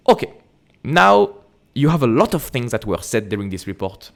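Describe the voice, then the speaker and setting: A man with a French accent hosts an investing channel, walking through an earnings report and a spreadsheet on his screen. His voice sits in a middle range, and he reads haltingly, correcting himself and stopping for quick asides. The sound comes from a desktop computer mic. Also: mid-range voice, big pitch swings, gravelly. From France.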